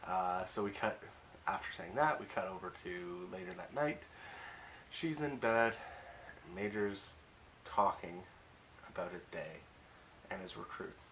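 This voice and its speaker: A young man talks through a TV episode in a fairly low voice, hesitant and full of fillers. His tone is offhand, with wry asides. A faint hiss sits under the voice. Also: measured pace, pauses often, fairly bright tone, rough recording. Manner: rambling, hesitant, many fillers. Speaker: YouTube recap reviewer. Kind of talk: casual episode recap.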